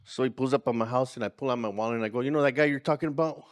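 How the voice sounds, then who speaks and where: A man's voice: medium pitch, rapid-fire. A man telling an earnest personal story at a community gathering, acting out the lines of people in it. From California. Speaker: community organizer speaker. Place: conference room.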